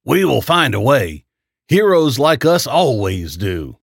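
A man voicing a stubborn, cocky young man in a spoken horror story, with a slow, deliberate delivery. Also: mid-range voice, sing-song, vocal fry, slightly rough, no echo, clean studio sound, heavily acted. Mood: defiant.

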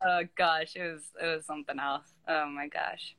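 A young woman chatting casually over a video call, telling animated stories and jumping up in pitch when she quotes people. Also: normal speed, no room sound. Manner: animated storyteller, acts out quoted voices with big pitch jumps. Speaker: former player, guest. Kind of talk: casual chat.

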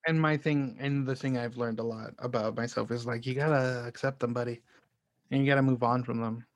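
A man's voice: mid-range voice, fairly even intonation, brisk, no echo. A young man in casual podcast chat, talking candidly and rambling with lots of fillers and swearing.

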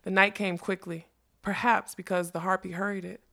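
A woman narrating a storybook in a measured, expressive reading voice. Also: mid-range voice, creaky.

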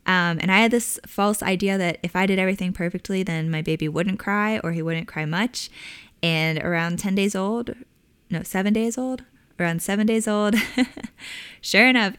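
Woman host, thirties, conversational and chatty; smooth, dry studio sound. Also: lowish voice, a little slow, no echo. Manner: warm conversational with frequent fillers and laughs. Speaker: podcast host. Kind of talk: casual advice talk.

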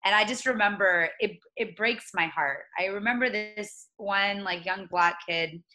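A woman in her late twenties speaking as an interview guest, earnest and reflective, often pausing and restarting. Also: medium pitch, bright, forceful tone, rough recording. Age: 20s. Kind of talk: conversational interview.

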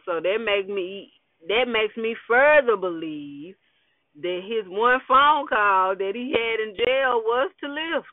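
Man, casual TV recapper, slow slangy wry delivery, high voice, dry tinny audio. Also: no echo. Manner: slangy, laid-back, wry, with fillers and asides. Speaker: TV episode recapper.

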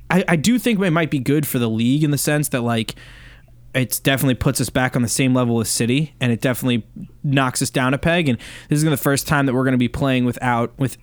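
On a Liverpool fan podcast, a male co-host chats in a heated, rambling way, packed with fillers and restarts. His voice is fairly high, and the recording is dry.

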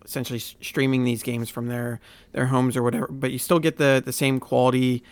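A man's voice: mid-range voice, little pitch movement, a little fast, smooth, no room sound. A man co-hosting a casual gaming podcast, rambling a bit with many restarts and fillers. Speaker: podcast co-host.

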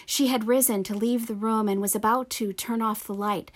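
A woman's voice: on the high side, fairly even intonation. Woman pastor preaching a sermon. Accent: Pennsylvania. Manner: measured, earnest preaching.

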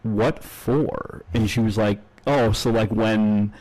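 Rambling, swearing podcast host. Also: male voice, fairly low pitch, flat delivery, measured pace, a little mellow, rough recording. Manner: rambling, filler-heavy, swears a lot. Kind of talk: casual storytelling chat.

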